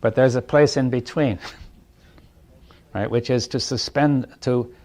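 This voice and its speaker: A man giving a reflective talk to a group, thinking aloud in halting phrases, checking in with "right?" and chuckling lightly between points. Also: medium pitch, steady tone, darkish tone. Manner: thoughtful, halting, often asks "right?". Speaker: speaker leading a group dialogue.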